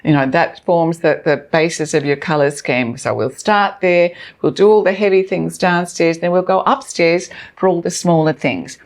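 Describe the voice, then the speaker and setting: A middle-aged woman with a low, deep speaking voice, answering as a guest on a talk show. She speaks earnestly about her charity work and grows animated when she tells a story. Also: moderate pace, hardly any pauses. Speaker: charity organiser. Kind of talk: interview guest.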